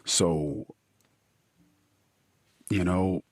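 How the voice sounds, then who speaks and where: A middle-aged man hosting a podcast, telling a personal story in a halting, emotional way that drifts into quiet asides. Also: sits low, fairly even intonation, no room sound. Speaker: podcast host.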